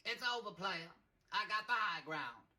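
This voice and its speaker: A man putting on a cocky, swaggering comedian voice for a comedy impression clip, with lots of cussing and bragging. The lines lurch up and down in pitch, and the drawl is loud and showy. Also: expressive, normal speed, exaggerated voice. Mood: scolding. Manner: cursing, boastful, drawling. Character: brash swaggering male comedian as a space mentor.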